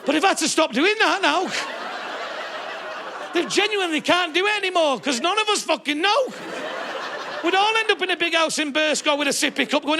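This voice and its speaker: A man doing live stand-up, his voice sitting high and leaping about as he mocks and swears. Audience noise carries clearly under him from the theatre floor. He talks loosely and conversationally, working the crowd. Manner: sweary, animated, mocking. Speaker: stand-up comedian.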